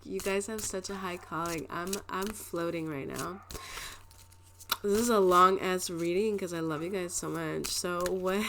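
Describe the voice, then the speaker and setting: A woman's voice: medium pitch, background noise. A woman giving a casual tarot card reading to her viewers. She talks in a rambling, emotional way, laughing often and filling her speech with "like". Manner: rambling, emotional, with frequent laughs and filler words. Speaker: tarot reader.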